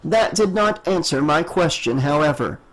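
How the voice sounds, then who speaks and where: A man's voice: on the high side, lively intonation, moderate pace, low-quality recording. Man voicing a wry woman scientist. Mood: wistful. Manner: dry, smirking replies. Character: female space scientist, calm and wry.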